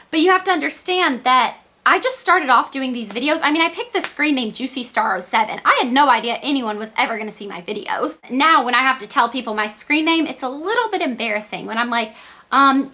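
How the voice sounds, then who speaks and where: A teenage girl with a Southern accent talks straight to her viewers in a loose, rambling vlog. Her voice is bright and a touch high, with a squeaky edge. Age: teens. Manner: rambling, chatty, animated. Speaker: beauty vlogger. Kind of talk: casual chat to camera.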